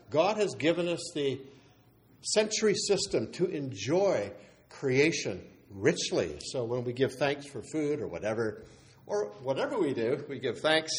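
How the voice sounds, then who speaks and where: An emphatic male preacher walks through scripture verse by verse in a teacherly way. He slows down to stress key words and swings from loud declarations to softer asides. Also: medium pitch. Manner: teacherly, cites verses and asks rhetorical questions. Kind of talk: expository sermon.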